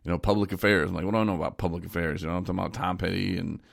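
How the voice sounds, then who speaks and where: A man hosting a casual podcast chat, telling joking stories in an animated way. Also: low-pitched, rapid-fire, vocal fry. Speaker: podcast host.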